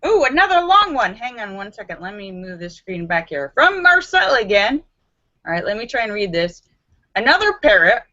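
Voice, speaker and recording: Giggly bright-voiced woman live streaming. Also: medium pitch, moderate pace, dull audio. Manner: giggly and animated, breaks into laughter. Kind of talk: casual live stream, reading viewer jokes.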